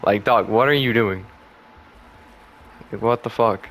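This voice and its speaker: A young man with a lowish voice talks at a measured pace while casually commentating a game for his channel. He gets excitable, laughs often, and fills the talk with crude trash talk.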